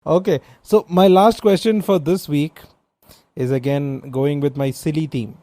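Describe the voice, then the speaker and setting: Playful man, mellow slightly high voice. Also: measured pace, no echo. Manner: playful, animated storyteller. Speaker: podcast co-host. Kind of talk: casual trivia chat.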